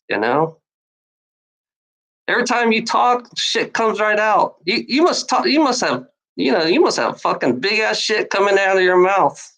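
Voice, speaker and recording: A woman's voice: mid-range voice, a bit bright, poor audio. Woman, sarcastic rant, profane, repetitive, mocking laughs, streamer talking to her chat. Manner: sarcastic, profane and rambling, with many repeats. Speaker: streamer answering online trolls. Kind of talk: casual rant to a live audience.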